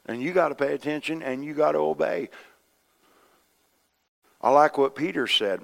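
Folksy animated male preacher. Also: a little high, moderate pace, vocal fry. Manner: animated, swings from hushed to loud exclamations. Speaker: pastor. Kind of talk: sermon.

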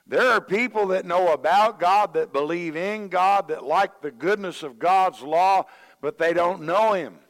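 A pastor delivers a folksy sermon like a storyteller, taking on the voices of the people he quotes. His voice is slightly high for a man, and the long reverb of a large hall rings around him.

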